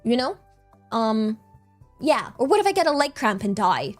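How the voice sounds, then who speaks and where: With faint music playing behind her, a young woman streams as a vtuber, her voice on the high side and her pace moderate. Giggly and easily excited, she wanders from topic to topic and says the same things again.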